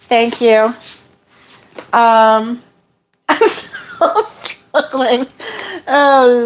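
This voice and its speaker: Slow-talking woman vlogger sorting yarn. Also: a little high, low-quality recording. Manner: chatty, self-deprecating, laughs often. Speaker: crochet vlogger. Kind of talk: casual chat while sorting yarn.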